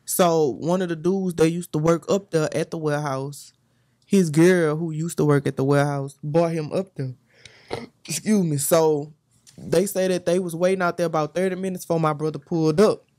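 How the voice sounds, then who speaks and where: A woman's voice: low voice, steady tone, normal speed, dark tone, no room sound. A woman from Baton Rouge, a guest telling a hard personal story in a blunt, profane way, often checking in with the listener. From Baton Rouge, Louisiana. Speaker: guest musician.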